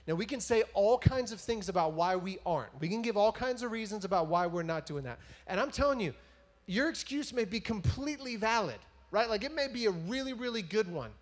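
A man's voice: high-pitched, animated, brisk. A man giving a casual, joking sermon, retelling a story and often tagging his sentences with "right?".

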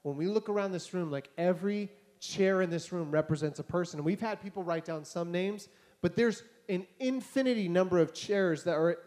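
A male pastor preaching a casual, conversational sermon to a congregation and acting out conversations as he tells stories. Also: high-pitched. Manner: conversational, animated, acts out dialogue. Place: church hall before a congregation.

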